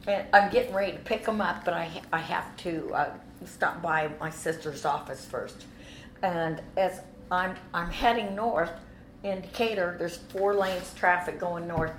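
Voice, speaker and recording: A woman telling a personal faith testimony as an animated story, with frequent restarts and repeated words. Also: fairly low pitch, reverberant, a little hiss or hum. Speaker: speaker giving a personal testimony.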